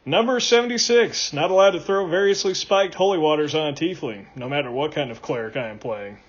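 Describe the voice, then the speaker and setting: Deadpan male list reader, fairly high voice, muffled lo-fi sound. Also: fairly quick. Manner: deadpan, dropping low at each punchline. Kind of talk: comedic list reading.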